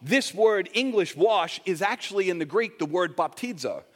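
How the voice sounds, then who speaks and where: A man's voice: sits high, expressive, normal speed. Male pastor preaching in a reverberant hall. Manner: conversational, teaching, jokes with the congregation. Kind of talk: sermon. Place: church sanctuary.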